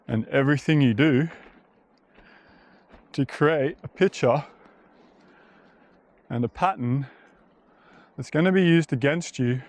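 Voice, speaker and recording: A man's voice: medium pitch, darkish tone, dry recording. A man talking bluntly and casually while walking a bush trail, rambling and swearing now and then. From Australia. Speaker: vlogger. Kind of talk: casual walking vlog monologue.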